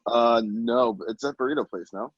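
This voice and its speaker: A young man co-hosting a podcast, talking emphatically and repeating himself, with a gravelly, raspy voice. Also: mid-range voice, normal speed, no room sound. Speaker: podcast co-host. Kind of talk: casual chat. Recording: dull lo-fi sound, dry.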